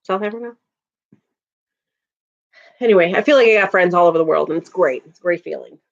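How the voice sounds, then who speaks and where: With a lowish voice, a bit of vocal fry and a slightly fast pace, a Chicago-area woman in her thirties runs a casual livestream. She chats with her viewers and laughs a lot, all captured in dull, lo-fi home stream audio.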